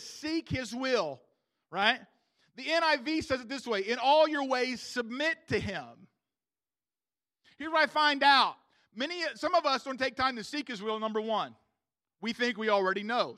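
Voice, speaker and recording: High, bright-voiced casual preacher man. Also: lively intonation, normal speed, no echo, clean studio sound. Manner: casual, slangy, keeps asking the congregation for agreement. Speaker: pastor. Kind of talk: sermon. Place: church room with a congregation.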